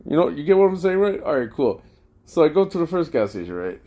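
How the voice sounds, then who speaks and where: A man telling a rambling, profane story in a casual vlog rant, full of slang and excited outbursts. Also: on the high side, fast. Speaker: vlogger.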